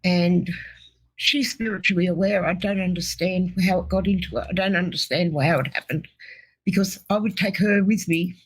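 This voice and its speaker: A middle-aged woman telling her personal testimony in an earnest, halting way as an interview guest. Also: lowish voice, rough recording.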